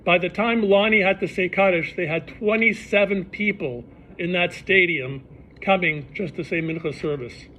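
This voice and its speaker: A rabbi telling stories to a live audience, animated and acting out the people in them. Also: male voice, sits high, moderate pace, slight background noise. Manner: animated storyteller, acts out characters' voices. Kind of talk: storytelling talk to a live audience.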